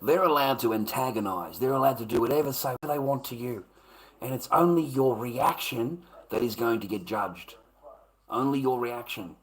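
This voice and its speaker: A man's voice: mid-range voice, normal speed, rough recording. A man ranting casually to his chat, profane and repetitive, calling listeners mate and brother. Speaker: livestream host.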